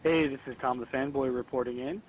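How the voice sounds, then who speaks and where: Man, fan caller, rambling voicemail, mid-pitched, faint low rumble behind. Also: steady tone, a little fast, lo-fi sound. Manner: rambling, many ums and restarts. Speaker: listener calling in with a voicemail. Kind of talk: casual recorded voice message.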